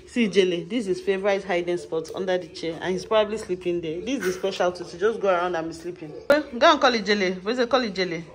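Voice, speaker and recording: A woman's voice: fairly low pitch, quick pace, hardly any pauses. A woman vlogging casually at home, coaxing and calling her dogs and laughing often. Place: home indoors.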